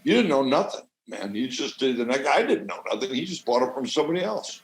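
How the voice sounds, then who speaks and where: A man from the American Midwest, a podcast guest who grows cannabis, telling stories in a swaggering, salty, animated way. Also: mid-range voice, fast talker, roomy sound, rough recording. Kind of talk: casual storytelling.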